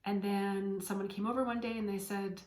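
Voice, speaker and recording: A woman hosting a podcast as a spiritual medium, speaking in an earnest, heartfelt and gently encouraging way. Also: medium pitch, flat delivery, fairly quick. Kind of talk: inspirational spiritual talk. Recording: echoey room.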